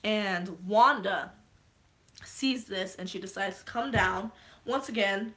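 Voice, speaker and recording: A young woman recapping a movie on a live stream, rambling and swearing freely, with sudden excited shouts. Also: medium pitch, slow pace. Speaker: vlogger.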